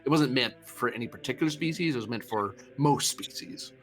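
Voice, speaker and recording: A man narrates as game master of a sci-fi tabletop game played live, steadily describing the scene and calling out dice rules. His voice sits at an ordinary middle pitch, broken by "uh" fillers, with soft music playing underneath. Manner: laughs often, fills pauses with uh. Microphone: streaming mic.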